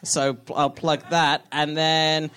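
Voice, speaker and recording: A man's voice: fairly high pitch, little pitch movement, slow pace, a bit bright, smooth. A British man comedian chatting casually on a live panel in an easygoing, dry way. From United Kingdom. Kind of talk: casual chat.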